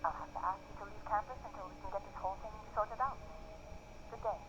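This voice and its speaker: An actress voicing urgent and stern voicemail messages in a video game. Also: female voice, mid-range voice, fast, lightly acted. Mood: cold, formal. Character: women leaving phone voicemails, urgent then cold. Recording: dull voicemail audio with noise.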